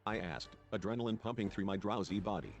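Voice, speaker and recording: A man's voice: lowish voice, fast talker. A man narrating a let's play, reading the game's story text aloud and voicing its characters lightly. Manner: reads dialogue in lightly shifted character voices. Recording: background game music. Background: game music.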